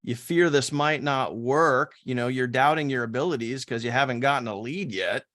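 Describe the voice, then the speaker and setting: Man, online coach, casual slangy teaching, animated, acts out doubts, dry sound. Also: mid-range voice, normal speed, no echo.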